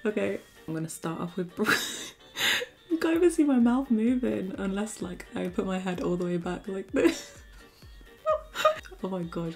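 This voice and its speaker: Giggly woman, slow and low. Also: creaky. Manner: giggly, laughs often, tells corny jokes. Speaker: beauty vlogger. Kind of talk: casual makeup challenge chat. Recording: soft music behind.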